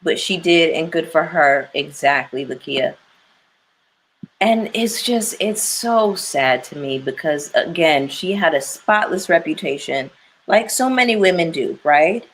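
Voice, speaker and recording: A woman's voice: deep voice, animated, unhurried, slight background noise, low-quality recording. A young woman hosting a live stream, talking candidly and emphatically to her viewers and reading their comments aloud. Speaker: livestream commentary host.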